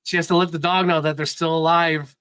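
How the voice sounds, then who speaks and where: A man chatting casually on a live stream, excitedly recapping movies in a rambling, sentimental way. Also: a little high, fairly quick, clean tone, no room sound, rough recording. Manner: sentimental, gets choked up.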